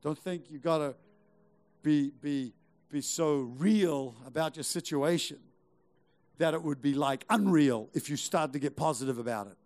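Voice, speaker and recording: In a somewhat high, slightly mellow voice at a measured pace, a middle-aged male preacher exhorts his congregation. Emphatic throughout, he relies on rhetorical questions and repetition.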